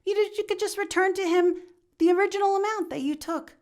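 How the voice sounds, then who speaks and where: A woman's voice: very high voice, fairly quick, darkish tone, voice pushed up. A woman voicing the inner evil inclination, a coaxing spirit that talks a man into wrongdoing. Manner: persuasive, coaxing. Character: tempting inner voice of evil, wheedling.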